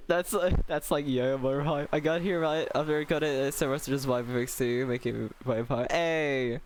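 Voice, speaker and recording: A young man streaming live and chatting casually with his viewers in a playful, animated way, laughing often. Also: medium pitch, normal speed, a little hiss or hum.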